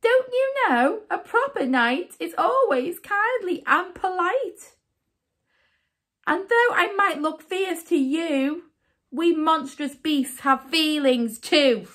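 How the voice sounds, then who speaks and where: A woman's voice: very high-pitched, animated, slow, a bit bright, pitched above the performer's own voice, heavily acted. A woman voicing a kindly old male monster from a storybook, speaking in a polite, mildly reproachful way. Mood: hurt, gently scolding.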